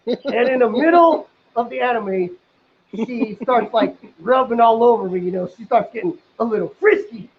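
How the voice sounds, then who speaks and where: A man telling a crude comic story casually, rambling with lots of fillers and bursting into loud excited outbursts. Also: very high voice, moderate pace, crowd noise. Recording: dull lo-fi sound.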